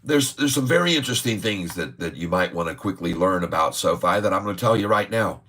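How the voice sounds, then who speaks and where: A man's voice: sits low, animated, brisk, fairly bright tone. A middle-aged man hosting a day-trading livestream, talking in a chatty, jokey way, often laughing and repeating himself. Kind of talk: casual livestream chat.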